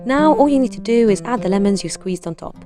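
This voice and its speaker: Over faint background music, a young woman from Palestine runs her vegan cooking channel with casual tutorials and storytelling, giggling and acting out relatives in high-pitched voices. She talks fast with lively intonation and a warm tone.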